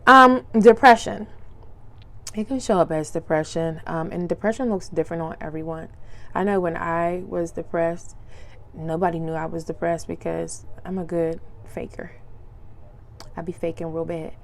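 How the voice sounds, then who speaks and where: A woman's voice: on the low side, fairly even intonation, moderate pace, gravelly, a little hiss or hum. A young adult woman hosting a solo podcast, talking casually in slangy speech, telling personal stories and acting out what people said. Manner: chatty storyteller, acts out quotes, laughs often. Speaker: podcast host.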